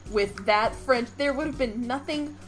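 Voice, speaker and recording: Animated, profane young woman. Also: a little high, measured pace. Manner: animated and profane, swinging between gushing and mock outrage. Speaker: podcast co-host. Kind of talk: casual podcast chat about video games. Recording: faint background music.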